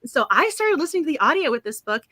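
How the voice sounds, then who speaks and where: A woman hosting a book club stream, chatting casually with frequent giggles and quick apologies. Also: sits high, big pitch swings, bright, forceful tone, dry recording. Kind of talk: casual live-stream chat.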